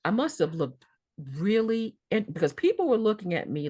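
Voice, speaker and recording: A woman guest telling a personal story in a podcast interview, vivid and expressive, often repeating words. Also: medium pitch, a little fast, no room sound, clean studio sound.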